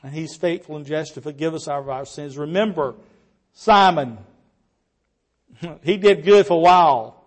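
A man preaching a sermon earnestly, with rhetorical questions and quiet trailing endings. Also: fairly high pitch, a little slow, long pauses.

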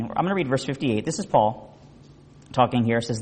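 Lively middle-aged preacher in a hall. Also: male voice, mid-range voice, fast, husky. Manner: animated storyteller, chatty with many restarts. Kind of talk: conversational sermon. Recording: reverberant hall.

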